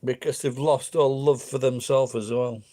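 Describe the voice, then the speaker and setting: A man's voice: medium pitch, fairly even intonation, moderate pace, mellow. A middle-aged man rambling casually, swearing freely and drifting between thoughts. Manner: crude, swears freely, meandering. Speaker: vlogger.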